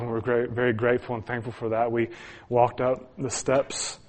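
A man's voice: medium pitch, little pitch movement, moderate pace. A man preaching, telling a personal story to his congregation with earnest, chuckling delivery and frequent restarts. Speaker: pastor. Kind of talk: sermon storytelling.

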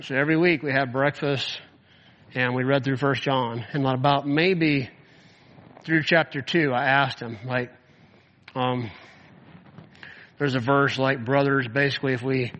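With a medium-pitched, slightly bright voice, this man teaches the Bible conversationally to an audience in a hall or classroom, moving a little slowly and pausing often. His intonation stays fairly even as he tells casual stories full of "like" fillers. The recording sounds dull and carries long reverb from the room.

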